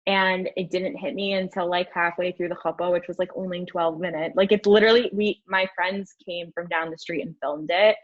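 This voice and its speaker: A young woman guest telling a candid story in an interview, rambling and animated, filling her speech with "like". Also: fairly low pitch, normal speed, few pauses. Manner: rambling, animated, heavy use of "like". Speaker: podcast guest. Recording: dull lo-fi audio.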